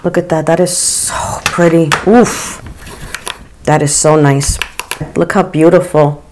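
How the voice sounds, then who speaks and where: Low-voiced lady doing a makeup get ready with me, gushy and chatty, a little hiss. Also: slow. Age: 40s or 50s. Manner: chatty and gushing, frequent excited oohs. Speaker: beauty vlogger.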